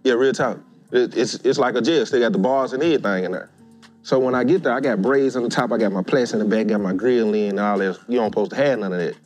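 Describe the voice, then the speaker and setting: Man in his thirties; lively podcast storyteller who does voices for everyone; faint music bed. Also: medium pitch, fast talker. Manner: animated, acts out quoted voices. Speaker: guest storyteller. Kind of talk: casual storytelling.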